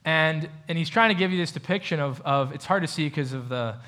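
An American man preaches a sermon in a church hall equipped with a projector, keeping it conversational and putting questions to the audience. His voice is on the high side, brisk and sharp in tone.

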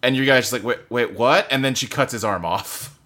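A man's voice: medium pitch, brisk, pushed and bright. A man co-hosting a casual chat about games from his home office, speaking loosely with lots of fillers and the odd curse word. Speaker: podcast co-host. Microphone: desktop computer setup.

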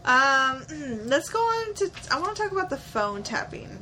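A young woman chats on a casual podcast with a high, bouncy voice that swings widely in pitch. Her tone is bright and forward, with quick asides and frequent laughter. Faint room noise sits under the recording. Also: sing-song, rough recording. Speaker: podcast co-host. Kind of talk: casual chat recapping a show.

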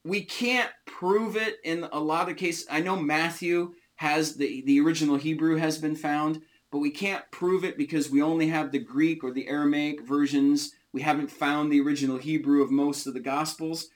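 A man teaching an informal Bible study, explaining words slowly and stressing single words. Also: a little high, fairly even intonation. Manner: slow, emphatic, often stressing single words.

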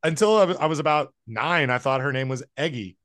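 A man from the American South co-hosting a casual podcast chat, rambling and self-deprecating, quick to laugh. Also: on the high side, lively intonation, fairly bright tone, no echo. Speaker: podcast co-host.

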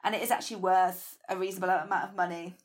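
A woman's voice: fairly low pitch, steady tone. A woman co-hosting a podcast, recapping plots casually with many fillers. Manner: rapid plot recaps with fillers. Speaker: podcast co-host. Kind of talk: casual chat.

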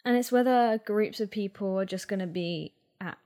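A woman's voice: medium pitch, normal speed, dark tone. A woman co-hosting a podcast, chatting casually and using "like" a lot. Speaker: podcast co-host. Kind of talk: casual chat.

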